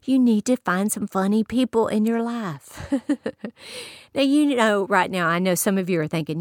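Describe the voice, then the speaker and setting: A woman's voice: mid-range voice, moderate pace, dry recording, studio quality. A woman giving a folksy inspirational sermon, telling stories and laughing often.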